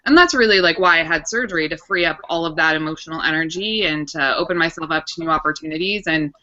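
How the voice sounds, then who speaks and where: A woman's voice: sits low, fast talker, sharp tone. A woman in her thirties, a guest on a casual chat show, telling her story in a candid, reflective way. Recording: dull lo-fi recording.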